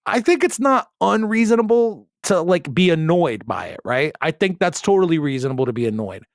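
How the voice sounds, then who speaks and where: A man's voice: on the high side, animated, a little fast, dry recording, clean studio sound. A man hosting a podcast in casual comedic chat, reading a post aloud with sarcastic, profane asides. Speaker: podcast host.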